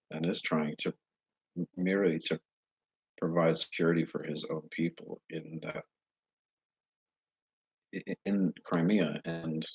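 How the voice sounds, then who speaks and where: A man talking straight to his viewers in a casual monologue, earnest and halting as he searches for words. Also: deep voice, darkish tone, breathy edge, dry recording. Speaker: vlogger addressing viewers. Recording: dull lo-fi recording.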